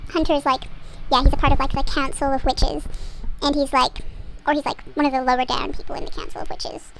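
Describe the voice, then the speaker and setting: A woman's voice: sits high, little pitch movement, a little fast, background noise. A young woman, casually chatting and retelling a book plot in a sarcastic, sweary way. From Australia. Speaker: book vlogger.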